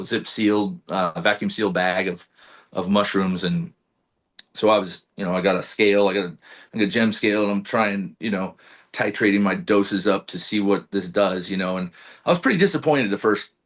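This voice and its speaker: A man, a podcast guest, telling a personal story in casual chat. He is animated, swears freely and acts out his own past lines. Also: fairly low pitch.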